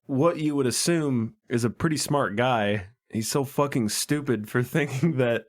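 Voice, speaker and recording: A man's voice: mid-range voice, unhurried. A man co-hosting a casual movie podcast who laughs a lot and chimes in to finish his co-host's sentences. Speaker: podcast co-host. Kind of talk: casual movie recap chat.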